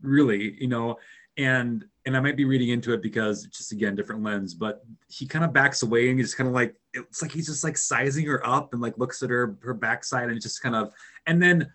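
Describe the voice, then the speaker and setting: A man's voice: mid-range voice, fairly quick, bright, forceful tone. Rambling Minnesotan man. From Minnesota, rural area. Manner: rambling, many fillers and restarts. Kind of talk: casual film discussion.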